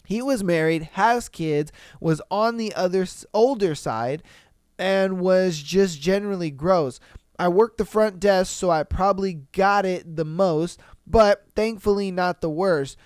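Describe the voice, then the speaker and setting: A man hosting a podcast, reading listener stories aloud and reacting with animated, profane disbelief. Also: high-pitched, a little slow, smooth, dry recording, clean studio sound. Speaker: podcast host. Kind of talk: casual commentary reading stories.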